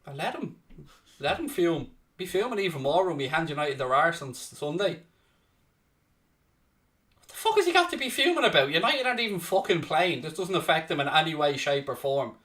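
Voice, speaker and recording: A man's voice: fairly high pitch, animated, fairly quick, sharp tone, far from the mic. A man hosting a live football watchalong, swearing, cheering his team on and winding up rival fans. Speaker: host of a football fan watchalong. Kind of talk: live reactive match commentary, casual banter.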